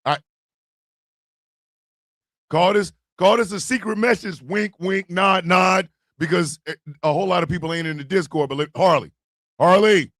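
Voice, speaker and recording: A man hosting a casual morning show, loud and profane, often shouting and laughing as he talks. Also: sits high, moderate pace, pauses often, no echo, clean studio sound. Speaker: host of a morning stream show.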